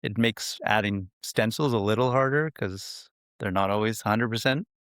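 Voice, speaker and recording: A man who makes pottery, a guest in an interview, talking in a relaxed, plain-spoken way and laughing lightly. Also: fairly low pitch, moderate pace, clean tone, no echo, clean studio sound. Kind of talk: casual interview chat.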